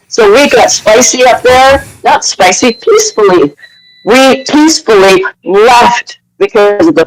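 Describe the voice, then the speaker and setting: A woman's voice: mid-range voice, low-quality recording. A woman from Canada calling in to a live audio chat room, ranting heatedly with swearing and apologizing in between. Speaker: caller.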